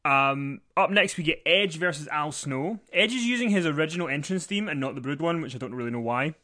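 Bright, chatty man co-hosting. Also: a little high, lively intonation, fairly quick. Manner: rambling, joking, many fillers. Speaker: podcast co-host. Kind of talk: casual chat recapping wrestling.

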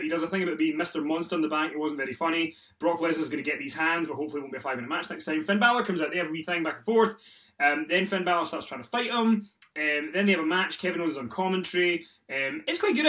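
A man's voice: on the high side, very fast, a bit bright. A man, hosting a casual podcast, sweary and exasperated, rattling off a recap with lots of ums. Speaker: podcast host. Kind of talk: casual wrestling podcast chat.

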